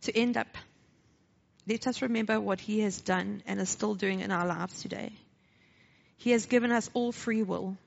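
A medium-pitched female voice with vocal fry and a South African accent recounts a personal testimony at church at normal speed. She animatedly acts out the dialogue before a brief sermon, and the recording is dull and lo-fi.

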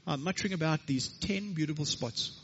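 A man's voice: on the high side, a little fast, a bit bright, dull audio, slight background noise, voice pushed down. A man voicing a vain male leopard who mutters to himself, in a sermon story. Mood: eager.

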